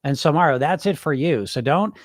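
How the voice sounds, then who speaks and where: Fairly quick and animated, a middle-aged man with a voice on the high side coaches listeners on his weight-loss podcast, recorded dry in studio quality. The live-stream talk is casual and blunt, with free swearing and impressions of panicked dieters.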